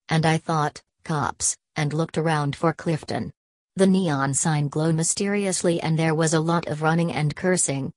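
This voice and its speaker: A woman narrating a novel as an audiobook in a steady, measured storytelling manner. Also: low-pitched, no echo. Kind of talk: scripted narration.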